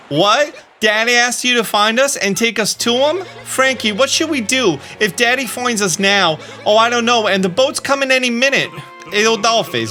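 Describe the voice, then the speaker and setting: A man's voice: sits high, bright, forceful tone, pitched above the performer's own voice. Figure: a man doing a melodramatic mob daughter with a put-on Staten Island accent. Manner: whiny, melodramatic. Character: lovesick young woman, dramatic mob daughter.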